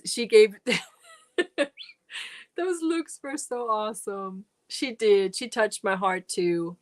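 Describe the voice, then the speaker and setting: Slow-talking woman, chatty host. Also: mid-range voice. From Germany. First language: German. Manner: chatty, rambling, laughs often, reads and answers comments. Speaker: crochet channel host. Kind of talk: casual live-stream chat with viewers.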